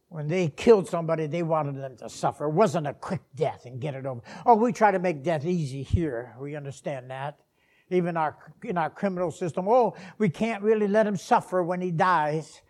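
A man preaching a sermon, dropping to hushed whispers and rising to shouted climaxes, with slow deliberate pauses. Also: a little high.

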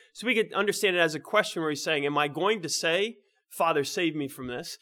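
A man preaching a sermon in a conversational way, often checking in with the listeners and restarting phrases, moving between emphatic lines and quiet, low ones. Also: a little fast. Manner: restarts and repeats words mid-phrase.

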